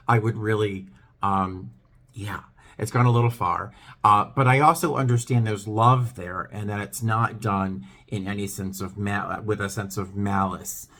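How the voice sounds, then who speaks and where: A middle-aged man talking to his viewers in a vlog, earnest and hesitant, with many pauses and restarts. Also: on the low side, fairly bright tone. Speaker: vlogger. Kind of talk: talking to camera, heartfelt chat.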